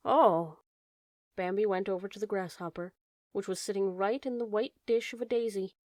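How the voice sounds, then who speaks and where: A woman narrating a classic animal fairy tale as an audiobook, reading in a slow, measured way. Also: mid-range voice, steady tone, mellow, no room sound, studio quality. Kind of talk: scripted storybook narration.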